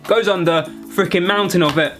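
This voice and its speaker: Young british guy ranting at the camera, bit high voice, faint music under it. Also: brisk. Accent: British English. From Britain. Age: young adult. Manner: animated, exaggerated ranting with mock outrage. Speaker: vlogger. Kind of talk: comedic rant to camera.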